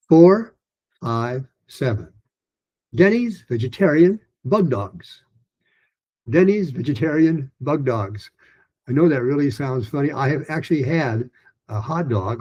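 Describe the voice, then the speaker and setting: Heard through a muffled recording, a man with a breathy edge to his voice gives a chatty pronunciation lesson full of restarts and fillers. He bursts into energetic, higher-pitched sentence drills.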